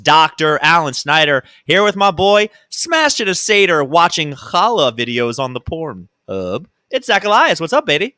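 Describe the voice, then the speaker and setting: A man's voice: fairly high pitch, sing-song, moderate pace, few pauses, sharp tone, no echo, studio quality. A man hosting a casual comedy podcast, bantering with his co-host and hyping the show with announcer-style intros.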